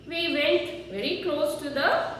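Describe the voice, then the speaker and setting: A woman teaching a grammar lesson to children, slowly repeating word forms for them. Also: high voice, fairly bright tone, a little hiss or hum. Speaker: schoolteacher. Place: classroom. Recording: echoey room, far from mic.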